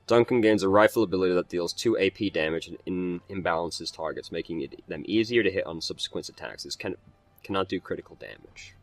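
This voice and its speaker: A man hosting a casual let's play, reading game text aloud in a fairly low voice. He swears freely and trips over words as he goes, keeping a loose, offhand tone. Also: a little fast, no room sound.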